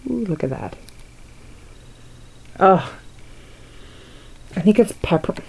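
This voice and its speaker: Young woman vlogger, lowish voice, chatty and gushing, faint hiss behind. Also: gravelly, warm tone, poor audio. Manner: chatty, gushing, sniffing and reacting to scents. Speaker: vlogger showing a wax haul. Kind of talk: casual haul video chat.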